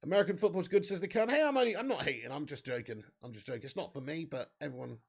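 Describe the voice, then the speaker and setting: A young man hosts a live football watch-along, calling the action while reading and answering his viewers' messages. His voice sits high and carries a gravelly, creaky edge. He swears casually and jumps into loud, excited calls on near misses and saves. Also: racing. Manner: banter with chat, swearing, excited bursts on chances.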